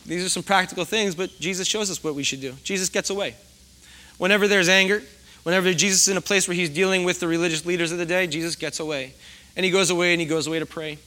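A middle-aged man gives a sermon in a relaxed, chatty way. His voice is bright and sits a little high for a man. He pokes fun at himself and keeps asking the congregation questions. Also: fast. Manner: conversational, self-deprecating, asks the audience questions. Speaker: pastor.

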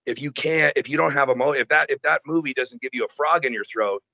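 A man in casual conversation, telling stories in an animated, profane way. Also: mid-range voice, fast talker, vocal fry, slight background noise. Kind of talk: casual chat. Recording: dull lo-fi sound.

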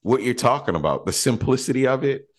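A man's voice: mid-range voice, animated, fast. A man co-hosting a casual film podcast, talking bluntly and swearing freely. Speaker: podcast co-host.

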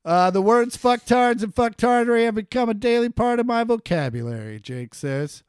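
A man with a fairly high voice co-hosts a podcast, joking loosely and cursing freely as he reads out fan mail. His voice is close and dry with no room around it. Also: lively intonation, normal speed, clean tone, no room sound. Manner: jokey, loose and profane, reading listener mail aloud. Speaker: podcast co-host. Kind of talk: casual podcast chat.

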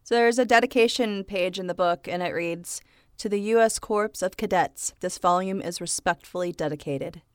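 A woman's voice: fairly low pitch, moderate pace, no echo, clean studio sound. A woman co-hosting a podcast, reading from notes and laughing easily. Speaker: podcast co-host. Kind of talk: reading notes in casual chat.

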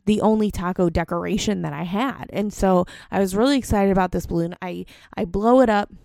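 A woman's voice: medium pitch, creaky, mellow, no room sound, clean studio sound. A young adult woman, a mom, telling a personal story in a rambling, candid, self-deprecating way. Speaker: mom vlogger.

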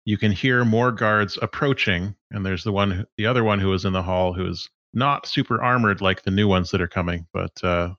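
A man running a tabletop game as game master, his voice sitting low. He walks through rules and action with easy, halting explanations. The sound is dull and dry, like an online call. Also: fairly bright tone, dry recording.

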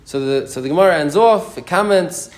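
A man teaching an informal Talmud class, telling the story in a rapid, animated way and often restarting his sentences. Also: a little high, a little hiss or hum. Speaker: Torah teacher.

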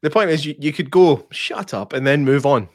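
A man, co-hosting a podcast and giving his easygoing, measured take on a film sequel. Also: fairly high pitch, no room sound, studio quality. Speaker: podcast co-host. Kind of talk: casual film review chat.

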